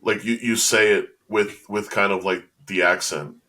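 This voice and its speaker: Male co-host, lower voice, casual rambling talker, filler-heavy. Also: fairly even intonation, normal speed, bright, forceful tone. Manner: chatty, hedging with lots of "like" and restarts. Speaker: podcast co-host. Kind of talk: casual sports chat.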